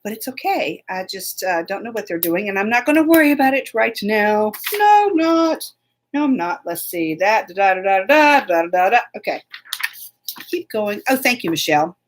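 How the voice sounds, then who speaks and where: A woman's voice: medium pitch, sing-song, normal speed, a little hiss or hum. A woman hosting a casual live stream, chatty and laughing often as she greets viewers by name. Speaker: host.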